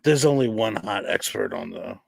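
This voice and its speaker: A man on a casual panel chat, making dry, deadpan remarks. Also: fairly low pitch, normal speed, gravelly.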